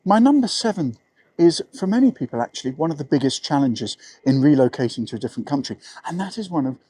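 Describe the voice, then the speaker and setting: A middle-aged man with an English accent talks straight to the camera in a frank, easy way, poking fun at himself now and then. His voice sits a touch higher than most men's. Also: big pitch swings, quick pace, warm tone, slightly rough, dry recording. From England. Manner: frank, conversational, self-deprecating. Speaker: vlogger living abroad. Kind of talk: advice talk to camera.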